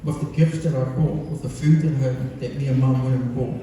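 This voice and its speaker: A New Zealand son gives a birthday speech to a crowd in a large function hall, speaking fairly quickly in a dark, steady, mid-range voice. He rambles with humorous stories and many fillers. The echoey hall is recorded from far away, with slight background noise.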